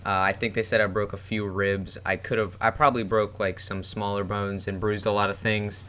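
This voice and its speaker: A man's voice: lowish voice, flat delivery, moderate pace, pushed and bright. A young man telling a personal story in a rambling, casual way, with many fillers and restarts. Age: young adult. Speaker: vlogger.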